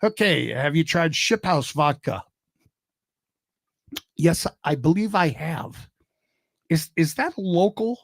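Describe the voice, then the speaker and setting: A man's voice: fairly high pitch, creaky, breathy edge, no echo. Older man rambling and joking on a livestream. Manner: rambling, joking, greets viewers by name. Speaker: livestream host. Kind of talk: casual livestream chat.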